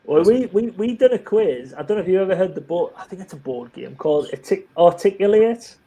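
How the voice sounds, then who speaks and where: Chatty high-voiced man telling stories. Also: a little fast, slightly rough. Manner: chatty, animated storyteller with many restarts. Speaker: live chat participant. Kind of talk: casual chat.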